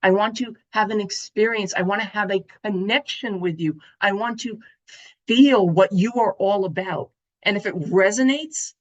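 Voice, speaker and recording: A woman speaker giving a motivational summit talk, telling stories in an expressive, animated way. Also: medium pitch, normal speed. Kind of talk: summit talk to an online audience.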